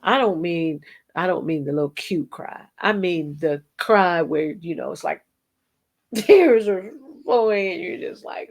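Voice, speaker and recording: A middle-aged woman delivers a devotional message at an unhurried, deliberate pace. She speaks earnestly to her listeners and now and then slips into singing a line or two of a hymn. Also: fairly low pitch, lively intonation. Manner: slow, earnest, sings snatches of hymns. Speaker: host and Christian singer. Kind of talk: devotional teaching.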